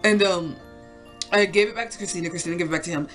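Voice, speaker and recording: A woman's voice: lowish voice, fast talker, a bit bright, faint music behind. A young woman telling a story to camera in a casual, rambling way, full of fillers and swearing. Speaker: vlogger.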